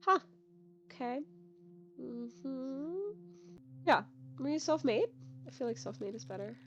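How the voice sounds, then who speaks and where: A woman's voice: high voice, animated, slow pace, muffled recording. A young woman giving casual, rambling game commentary, full of fillers, with game music behind. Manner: chatty, filler-heavy, rambling. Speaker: gaming youtuber.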